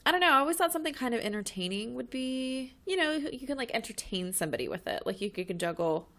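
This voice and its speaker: A woman's voice: on the high side, animated, quick pace, fairly bright tone. A woman in her thirties co-hosting a podcast, chatting casually and laughing easily. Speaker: podcast co-host. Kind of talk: casual chat.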